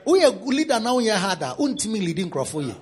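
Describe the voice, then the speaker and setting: A pastor preaching a sermon in a teasing, repetitive style. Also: male voice, high voice, big pitch swings, fast talker, breathy edge, a faint crowd.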